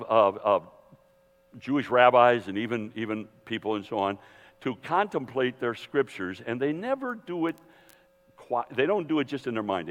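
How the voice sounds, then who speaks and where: A man teaching a Bible seminar in a lively, digressive sermon style, full of restarts and asides, speaking to an audience in a hall. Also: mid-range voice. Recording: long hall reverb.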